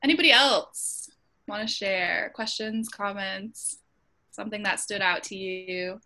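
A woman's voice: mid-range voice, a little slow, sharp tone. A woman hosting an online Bible study over a video call, speaking earnestly with frequent ums and restarts. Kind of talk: casual group discussion.

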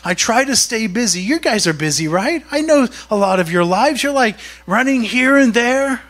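A man's voice: extremely high pitch, animated, moderate pace, fairly bright tone. A man preaching a sermon in a conversational way, often asking his congregation questions. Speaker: pastor.

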